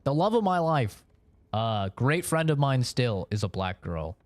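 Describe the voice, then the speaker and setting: A man's voice: medium pitch, very animated, a little slow, no echo. A young man from Oregon, chatting casually with his stream chat in a rambling, profane way, laughing between points.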